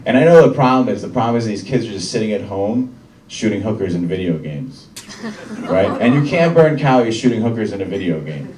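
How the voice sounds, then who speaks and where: Deadpan young man doing stand-up. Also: on the low side, a little fast, background noise. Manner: deadpan, dry one-liners. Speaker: stand-up comedian. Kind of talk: stand-up routine. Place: comedy club with live audience. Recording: roomy club sound from a distant mic, crowd laughter.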